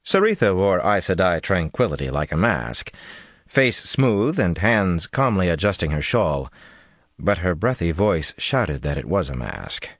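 A man reading a novel aloud as narrator, in a measured, expressive way. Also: deep voice, no echo, studio quality. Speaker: audiobook narrator. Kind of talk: scripted narration.

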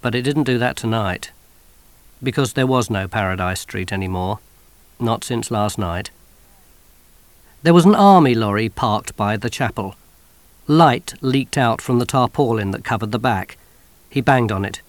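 A man narrating an audiobook in an expressive, wry storytelling manner on a close studio mic. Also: on the low side, measured pace, long pauses, no echo.

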